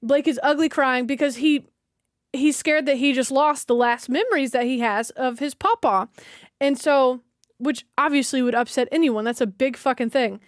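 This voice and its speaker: A young woman telling a story on stream, animated, swearing freely and laughing often. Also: high-pitched, normal speed, dry recording, studio quality. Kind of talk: casual storytelling.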